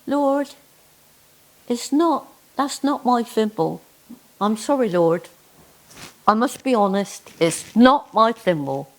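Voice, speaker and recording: Jenny is an earnest, flustered older Cornish woman in a folk tale, played by a woman storyteller. She speaks in a broad Cornish accent with a high voice. Her lines come slow and earnest. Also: expressive, low-quality recording.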